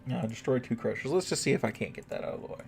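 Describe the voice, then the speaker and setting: A man's voice: mid-range voice, rapid-fire, vocal fry, slight background noise. A young man with a Southern US accent and a slight twang, chatting casually and cursing freely while streaming a game. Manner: relaxed, rambling, swears freely. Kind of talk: casual chat while gaming.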